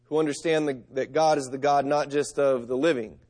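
A man's voice: medium pitch, steady tone, a little fast, a little mellow. A middle-aged man preaching a sermon, reading scripture and telling stories in an earnest, conversational way. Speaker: pastor.

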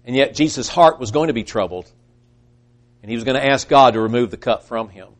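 A man preaching a sermon, earnest, rising to emphatic peaks and then trailing off quietly, acting out quoted voices as he goes. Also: mid-range voice, fairly quick.

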